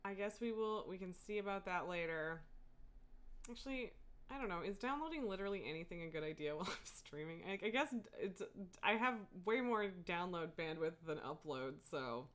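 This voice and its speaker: A woman's voice: lowish voice, lively intonation, a little fast, fairly bright tone. A woman livestreaming a game, chatting casually from home in a rambling way, full of fillers and frequent laughs. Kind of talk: casual gameplay chat.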